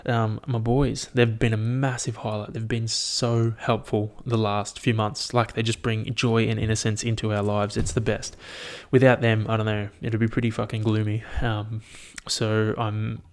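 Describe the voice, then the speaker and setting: A man's voice: fairly low pitch, flat delivery, moderate pace, few pauses, a little mellow. A man hosting a casual solo podcast, rambling and swearing freely. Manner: rambling, heavy swearing, amused. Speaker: podcast host. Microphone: headphones and podcast mic.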